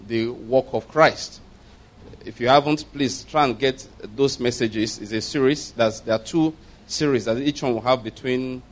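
A man preaching a sermon to a congregation in a conversational style, building to emphatic questions. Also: medium pitch. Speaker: pastor.

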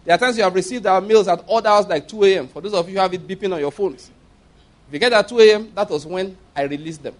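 With a Nigerian English accent and a fairly high voice, a man preaches at a quick pace. He emphasizes his stories and laughs often along the way to each point.

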